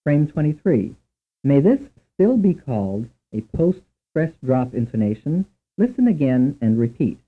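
Man, instructional narrator, measured and precise, lively intonation, tinny narrow-band sound. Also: medium pitch, husky. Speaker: language course narrator.

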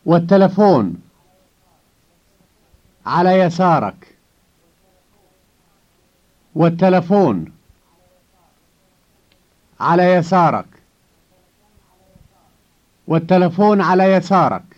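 A man giving slow, carefully enunciated model phrases for learners to repeat in a language course. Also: high-pitched, very animated, a little mellow. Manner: deliberate, clearly enunciated repetitions. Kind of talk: slow, careful pronunciation drills. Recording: dull lo-fi course recording.

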